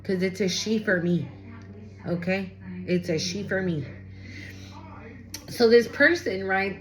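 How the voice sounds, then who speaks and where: A woman's voice: mid-range voice, takes it slowly, pauses often, soft background music. A woman giving a casual tarot reading to camera, chatty and blunt, swearing freely and talking aloud to spirit as she goes. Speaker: tarot reader.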